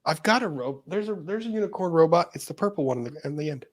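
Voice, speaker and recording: A man's voice: on the high side, animated, quick pace, no echo. Casual co-host, male, dry close mic, reads chats and laughs easily. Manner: laughs often, reads viewer comments aloud. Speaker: co-host reading super chats. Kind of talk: casual livestream chat.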